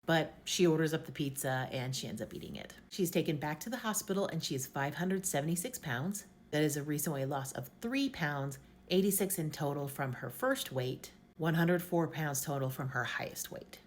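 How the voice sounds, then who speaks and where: A woman's voice: low voice, animated, normal speed. A woman casually recapping a reality show's story, chatty and full of "basically" and "like". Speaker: show recap host.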